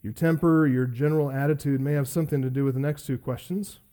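A man's voice: mid-range voice, fairly even intonation, fast talker, warm tone. A middle-aged man preaching, asking earnest questions and telling personal stories with self-deprecating humor. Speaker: pastor. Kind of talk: sermon.

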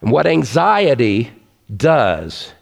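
A man's voice: medium pitch, very animated, slow pace, creaky, long reverb tail. A man preaching a sermon, earnest and emphatic, repeating his key points.

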